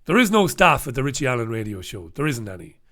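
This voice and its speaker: A man's voice: mid-range voice, sing-song, fast, pushed and bright. A man hosting a solo comic newspaper review, rambling and swearing, breaking into snatches of song. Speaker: host.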